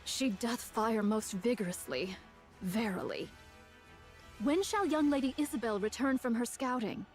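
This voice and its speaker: A woman's voice: a little high, measured pace, faint music behind, lightly acted. A woman voicing a noble lady with a stately, archaic way of speaking while reading a game story aloud.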